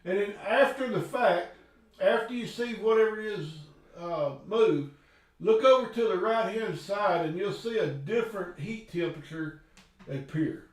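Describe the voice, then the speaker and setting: High-voiced Texan man, far and echoey. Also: measured pace. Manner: laid-back, chiming in with agreement. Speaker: paranormal investigator co-host. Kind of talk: casual live-stream chat. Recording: very echoey, distant from the mic.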